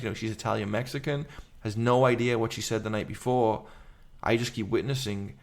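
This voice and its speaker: Gravelly man telling his story fast. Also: fairly low pitch, fairly even intonation. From England. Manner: earnest, rapid run-on storytelling. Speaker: guest, urban missionary. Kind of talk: candid personal testimony.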